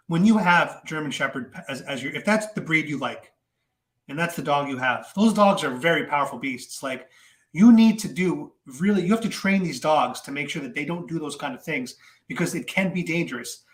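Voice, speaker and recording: A man giving casual political commentary to his viewers, animated and chatty with many fillers and repeats. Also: fairly high pitch, echoey room.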